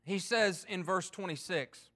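A man preaching a sermon in an earnest, emphatic way, with his loudness and pace swinging as he makes each point. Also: sits high, a little slow. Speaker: pastor.

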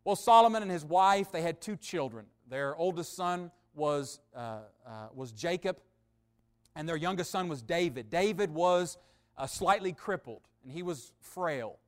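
A male preacher delivering a sermon, telling a story with dramatic pauses and a voice that swells louder and drops quieter. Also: on the high side, animated.

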